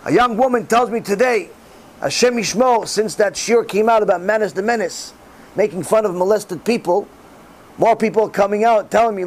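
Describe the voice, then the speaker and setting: A middle-aged man giving a religious class in sermon style, animated and acting out the voices he quotes. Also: high voice, normal speed, poor audio. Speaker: rabbi giving a Torah class.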